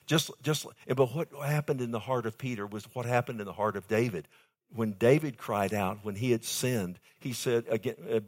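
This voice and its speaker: A man preaching a sermon to a congregation. He asks rhetorical questions and swings between loud emphasis and near-whispered intimacy. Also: on the low side. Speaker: pastor. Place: church before a live congregation.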